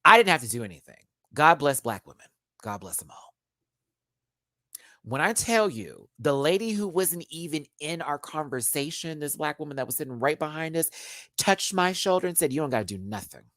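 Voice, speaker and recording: A man's voice: a little high, normal speed, no echo. Chatty man telling a story, dry sound. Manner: animated, chatty, addresses viewers as y'all. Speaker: live-stream host. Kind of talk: casual storytelling to a live chat.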